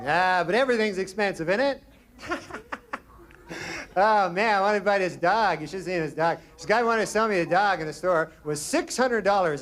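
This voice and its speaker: Deadpan, rambling stand-up comedian. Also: male voice, sits high.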